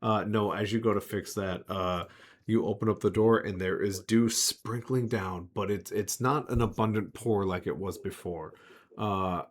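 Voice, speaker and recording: Man with a lowish voice as game master, loose and rambling narration. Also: fairly even intonation, normal speed. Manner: rambling, full of filler words and restarts.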